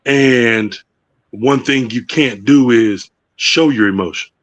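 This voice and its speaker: A man's voice: medium pitch, a bit bright. Brief: man in a casual interview, stumbling restarts, everyday slang. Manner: halting, repeats words, casual slang. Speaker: director.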